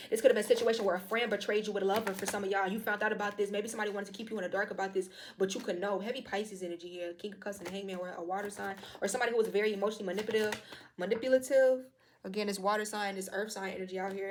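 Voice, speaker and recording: A woman delivers a channeled tarot reading at a rapid clip. She is emphatic and preachy, swears freely and calls out to her viewers as y'all. Her voice sits at a middle pitch. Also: slight background noise. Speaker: tarot reader.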